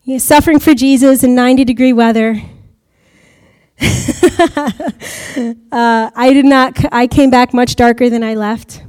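Woman from the US, church testimony, chatty, laughs a lot, a little high-pitched. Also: fairly even intonation, a little slow, pauses often, a little mellow, smooth. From United States. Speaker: church missionary speaker. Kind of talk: testimony talk to a congregation.

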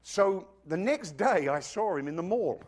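Animated male preacher, high voice with wide swings, engages the congregation. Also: a little slow. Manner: animated preaching, asks the congregation questions, acts out quoted voices. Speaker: pastor. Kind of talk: sermon. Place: church.

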